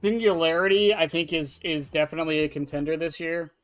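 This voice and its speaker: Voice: medium pitch, fairly quick, soft background music. Offhand streamer rambling to chat. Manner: rambling, offhand, answers chat questions, swears. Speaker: game streamer chatting with viewers. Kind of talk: casual chat. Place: at a desk indoors.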